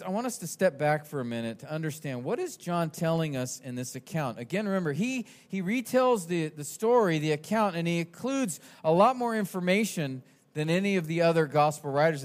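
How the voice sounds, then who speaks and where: Animated preaching man, fairly high voice. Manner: animated preaching, rising to shouts in quotes. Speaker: pastor. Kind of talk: expository sermon.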